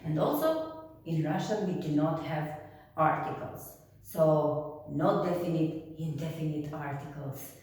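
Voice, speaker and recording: A woman from Albania, a native Albanian speaker, teaching a language lesson patiently and repeating words slowly for her students. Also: low-pitched, lively intonation, a little mellow. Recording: echoey room, voice from a distance.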